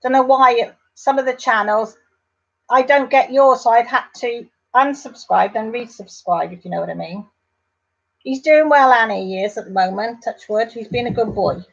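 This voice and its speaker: A woman with a fairly high voice chatting away on a live stream, reading out viewer comments and calling them affectionate names. Her talk rambles and she breaks off into asides to the viewers. The audio is dull and lo-fi, like a home webcam mic. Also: moderate pace, creaky, fairly bright tone.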